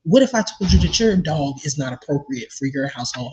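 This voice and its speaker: A woman's voice: low-pitched, expressive, a little fast, a little mellow, husky, lo-fi sound. A woman venting to her viewers in an indignant, profane, casual rant about a personal story. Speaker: vlogger telling a personal story.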